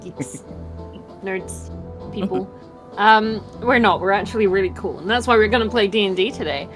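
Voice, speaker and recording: A woman's voice: mid-range voice, moderate pace, over loud music. A woman hosting a livestreamed tabletop game as game master, chatting casually and laughing often. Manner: giggly, laughs often while talking.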